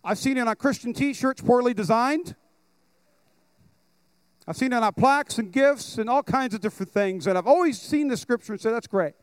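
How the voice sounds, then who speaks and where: A man preaching to a congregation at a church service, excited and casual, with slang and asides to the crowd. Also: extremely high pitch, moderate pace, clear, resonant tone, no room sound. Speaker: pastor. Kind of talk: lively sermon at a church service.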